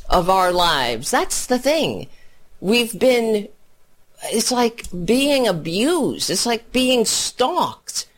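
A hoarse woman doing a profane, scornful political rant on a livestream, often clearing her throat and laughing. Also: medium pitch, a bit bright. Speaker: political commentator.

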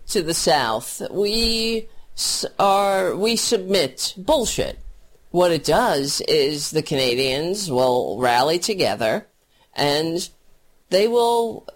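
Slow, low-voiced angry woman ranting. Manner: angry, sarcastic, blunt. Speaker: political commentator. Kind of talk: profane political rant.

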